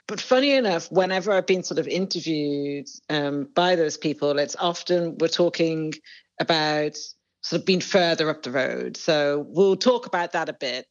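A woman's voice: low voice, normal speed. Woman, author guest, chatty and meandering, recorded on a dull line. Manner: rambling, lots of fillers and restarts. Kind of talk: casual interview talk.

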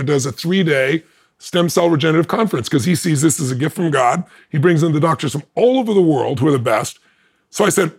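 Male guest, fast and emphatic, higher-pitched, acts out quotes. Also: gravelly, husky. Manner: acts out others' lines in changing voices; emphatic, laughs between lines. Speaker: podcast guest. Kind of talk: animated personal storytelling.

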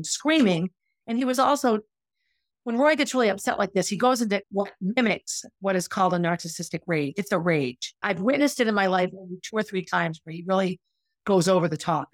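A woman's voice: medium pitch, dry recording. A middle-aged woman telling a personal story as a podcast host, earnest and emotional, acting out quoted dialogue.

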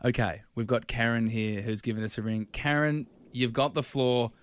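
A man's voice: medium pitch, fairly even intonation, normal speed, no room sound, clean studio sound. A man hosting a radio show, playful and eager, often laughing. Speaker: radio host. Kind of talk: lively radio chat.

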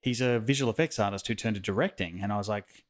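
A man's voice: on the low side, quick pace. Hesitant man in casual podcast chat. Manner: hesitant, stammering restarts. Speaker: podcast co-host.

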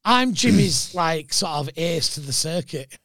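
A man tells anecdotes on a podcast, his voice pitched high and swinging widely as he acts out the people in his stories. The sound is dry and close to the mic, with no room around it. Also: lively intonation, a little slow, fairly bright tone, dry recording. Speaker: comedian guest. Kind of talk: casual podcast chat.

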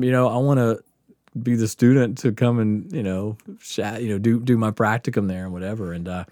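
A man, a podcast host telling a story in casual chat, animated and profane, laughing often and acting out quotes. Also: medium pitch, no room sound, clean studio sound. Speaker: podcast host answering questions.

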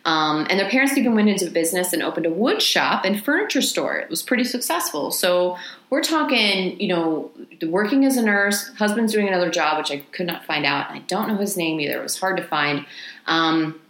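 A woman's voice: on the low side, animated, fairly quick, a bit bright, echoey room. Casual, swearing Texan woman. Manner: casual, swears freely, laughs often. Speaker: podcast co-host. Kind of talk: casual chat, storytelling.

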